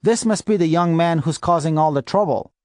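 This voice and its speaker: A chubby, good-natured middle-aged lawyer, voiced by a male audiobook reader, who chats and apologizes through every sentence. His voice sits a little high and slightly wheezy. The recording is dry and close. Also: fairly quick, darkish tone, no echo, close to an everyday voice. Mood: affable. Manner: laughing, apologetic, chatty. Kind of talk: audiobook character voice.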